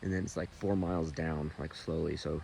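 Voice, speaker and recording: A man talking casually to the camera while backpacking outdoors, rambling and relaxed. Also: a bass voice, fairly quick, gravelly, slight background noise. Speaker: vlogger on a backpacking trip. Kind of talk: casual trail vlog. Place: outdoors in the mountains.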